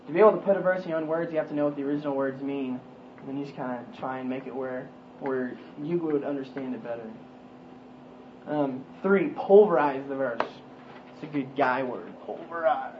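Casual man teaching scripture, lo-fi. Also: fairly high pitch. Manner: conversational, asks questions, frequent ums and restarts. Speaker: Bible study teacher. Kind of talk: informal Bible teaching. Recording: dull lo-fi recording with faint noise.

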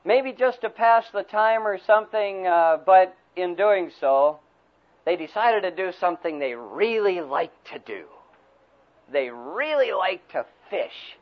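A man preaching a sermon who retells a story in a folksy, animated way. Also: sits high, a little slow. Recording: tinny phone-like recording.

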